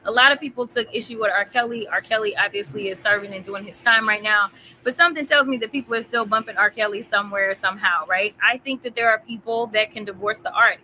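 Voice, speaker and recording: A woman's voice: medium pitch, steady tone, fast, bright, forceful tone, slight background noise, poor audio. A woman being interviewed, speaking bluntly and confidently with sly asides. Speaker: interview guest. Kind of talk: candid interview conversation.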